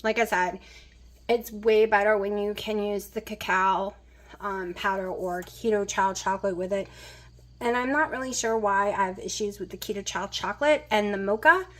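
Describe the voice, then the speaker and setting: A woman's voice: medium pitch, normal speed, fairly bright tone. A woman chatting casually as she cooks in her home kitchen, rambling with plenty of fillers. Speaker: vlogger. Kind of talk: casual kitchen vlog chat.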